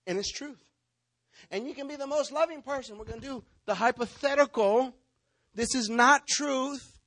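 Sex: man. Role: pastor. Style: sermon. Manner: animated, role-playing. Pitch: high. Room: dry. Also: normal speed, dry recording. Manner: animated preaching, acting out congregants.

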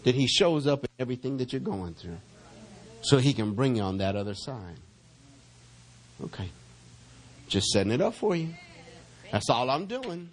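Lively-pitched preaching pastor, man. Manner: preaching with swelling intensity, slow drawn-out reading of verses; calls for congregation responses. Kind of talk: sermon.

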